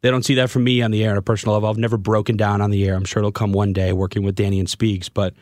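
A man in his twenties hosting a podcast, talking in a halting, stammering way and openly getting emotional in a candid conversation. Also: on the low side, flat delivery, a little mellow, dry recording, studio quality. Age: 20s. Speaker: podcast host and radio broadcaster.

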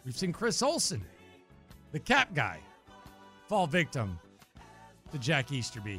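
A man hosting a sports radio show, animated and mock-serious, a self-described high-strung talker. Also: measured pace, faint music behind. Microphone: studio microphone.

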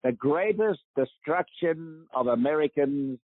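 A man's voice: on the high side, lively intonation, measured pace, dry recording. Man, 80s, South African accent, emphatic interview guest; dry, phone-quality sound. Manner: emphatic, preaching. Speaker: guest, veteran golfer. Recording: tinny phone line, dry.

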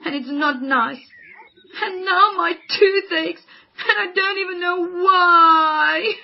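A woman's voice: sits high, animated. A woman voicing a tearful, self-conscious young schoolgirl who sobs as she talks, in a children's radio drama, with a slightly dull lo-fi sound. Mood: upset. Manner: sobbing, halting speech.

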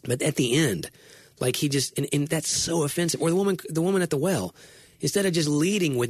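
Husky-voiced man talking faith, earnest and rambling. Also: fairly high pitch, fairly quick, dry recording. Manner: earnest, rambling, self-correcting. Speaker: Christian podcast co-host. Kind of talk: casual faith conversation.

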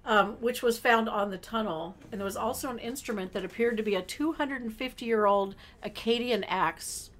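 A woman's voice: a little high, moderate pace, hardly any pauses. Playful woman podcast co-host. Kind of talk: casual chat and reading aloud.

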